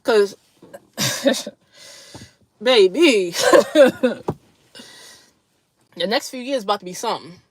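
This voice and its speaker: Chatting with viewers on her livestream, this woman speaks in a mid-range voice with no echo. Her talk is casual, blunt, slangy and profane, with frequent laughter between remarks.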